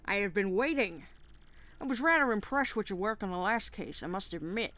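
A woman's voice: medium pitch, expressive, fairly quick, a bit bright, lightly acted. A woman voicing a pompous, self-assured male penguin detective who speaks in a formal, theatrical way.

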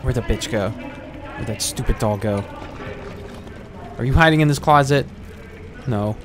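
A man streaming a horror game, reacting loudly and jumpily with frequent cursing and laughter. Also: mid-range voice, measured pace, noisy background. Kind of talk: live gameplay commentary. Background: game music.

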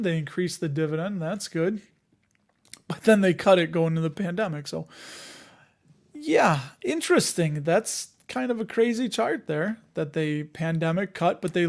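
A man with a high-pitched, creaky voice hosts a casual dividend investing live show. He chats with viewers, pokes fun at himself and thinks out loud with plenty of fillers.

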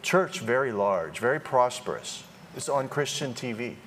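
Animated joking male preacher. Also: medium pitch, moderate pace, noisy background. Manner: animated, joking, acts out quoted voices. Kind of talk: sermon.

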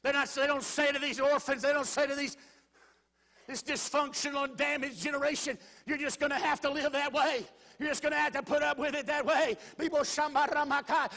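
A man with a very high, gravelly voice preaches with a bright, sharp edge, shouting his lines in a rolling sermon cadence. He is heard in a large church hall where the reverb rings on. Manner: shouting preaching cadence, drops to quiet storytelling. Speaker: guest preacher. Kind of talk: Pentecostal sermon.

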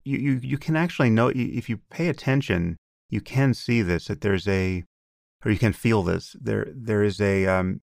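A man co-hosting a podcast in casual conversation, explaining ideas in a measured way with frequent restarts. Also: fairly low pitch, gravelly, a little mellow, no echo, studio quality. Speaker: podcast co-host.

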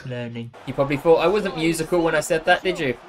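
A young man giving excitable, jokey live commentary on a football video game, cheering and scolding the players. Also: a little high, quick pace, loud music behind the voice. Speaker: gaming YouTuber.

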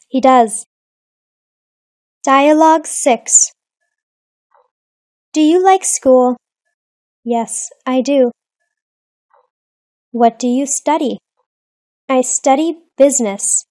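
A woman reading short lesson dialogues in a slow, deliberate, evenly paced way. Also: high-pitched, dark tone, dry recording, clean studio sound. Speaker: English lesson reader.

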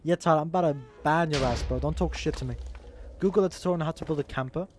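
A man's voice: fairly high pitch, very fast, a little hiss or hum. A young adult man streaming live, bantering crudely with his chat, laughing and teasing, with a sore throat.

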